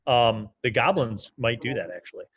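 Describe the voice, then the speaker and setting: A man's voice: mid-range voice, moderate pace, a bit bright, no echo, highs cut off. A man narrating as game master in a casual, loose way, with lots of fillers.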